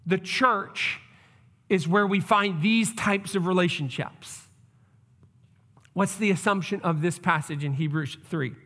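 High-pitched pastor guy preaching, earnest, keeps repeating himself, big echoey hall. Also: unhurried, sharp tone. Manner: earnest, repeats questions, frequent restarts. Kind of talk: sermon.

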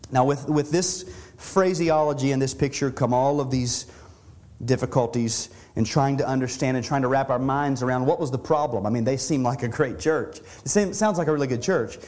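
Earnest preacher man, somewhat high voice. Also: darkish tone. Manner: earnest, conversational preaching with frequent restarts and repeated words. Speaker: pastor. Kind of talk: expository sermon.

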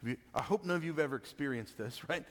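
Guy preaching, chatty and laughing a lot, slightly high voice, long echo off the church walls. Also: rapid-fire. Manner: conversational, laughs often, keeps asking "right?". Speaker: pastor. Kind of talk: sermon.

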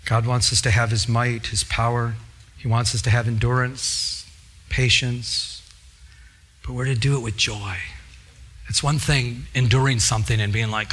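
A man preaching a sermon as pastor in a church, telling lively stories with laughter and acted-out voices. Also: medium pitch, unhurried, slight background noise. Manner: lively storytelling with laughter and impressions.

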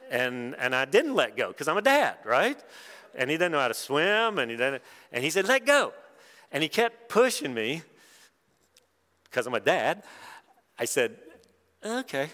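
A middle-aged man, preaching a sermon and telling personal stories, dropping quiet and then rising loud and excited. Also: mid-range voice. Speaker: pastor. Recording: long hall reverb.

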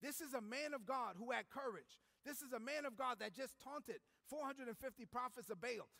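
A man preaching a sermon as pastor, telling a story with animated energy and frequent shouting. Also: very high voice, moderate pace, gravelly, in a large hall.

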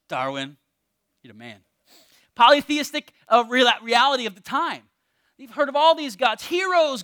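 A man preaching a sermon in a conversational, energetic way, often dropping to a hushed emphasis. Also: extremely high pitch, dry recording, studio quality. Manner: energetic, conversational with emphatic drops to near-whisper. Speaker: pastor.

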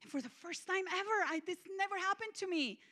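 A woman minister giving an emphatic, confessional testimonial sermon, swinging between loud declarations and hushed moments. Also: very high voice, fairly quick. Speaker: guest minister.

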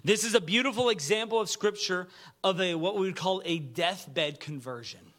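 A man preaching a sermon with earnest delivery, dropping to a hush when he reads quoted words. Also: sits high, moderate pace. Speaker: pastor.

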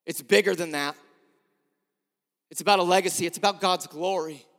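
Midwestern pastor, man, high bright ringing voice, fiery sermon delivery, reverberant church hall. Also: steady tone, normal speed. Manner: impassioned preaching, urging the congregation to repeat lines. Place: small storefront church.

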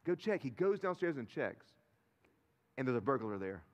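A man's voice: medium pitch, sing-song, moderate pace, lo-fi sound. A man in his thirties preaching a conversational sermon as pastor, telling stories and checking in with his congregation. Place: large church sanctuary. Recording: live sermon in a reverberant sanctuary.

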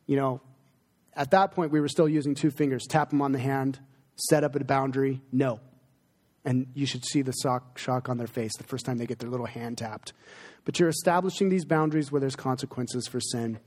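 A man's voice: medium pitch, moderate pace, a little mellow. A middle-aged male pastor taking questions from his congregation in a church sanctuary, earnest and conversational, turning emotional at times. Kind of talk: sermon Q&A with congregation. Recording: long hall reverb.

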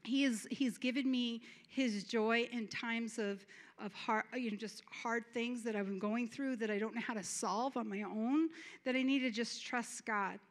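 A woman's voice: a little high, steady tone, unhurried. A woman giving a fervent sermon testimony at church, repeating words and breaking into laughter. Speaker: church speaker.

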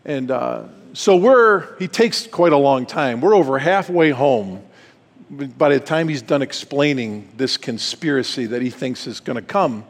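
A man's voice: medium pitch, expressive, a little slow. A middle-aged man speaking at a retreat, telling a personal story and acting out the dialogue with animation. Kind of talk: storytelling talk. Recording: long hall reverb.

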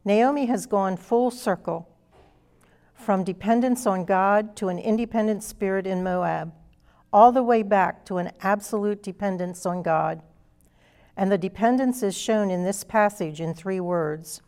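A woman's voice: mid-range voice, a little slow, a little mellow. A woman preaching a sermon, earnest and emphatic, reading scripture aloud and explaining it to a congregation.

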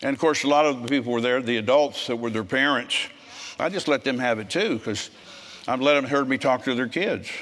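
A man in his seventies preaching a sermon, telling stories bluntly and growing forceful when he scolds. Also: mid-range voice, fairly quick. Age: 70s. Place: church service with congregation.

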